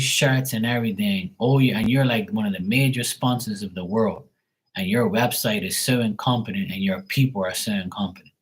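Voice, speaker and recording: Ranting, cursing man with a lowish voice. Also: breathy edge, low-quality recording. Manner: irritated, profane, ranting. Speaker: livestream tarot reader. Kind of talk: casual livestream rant.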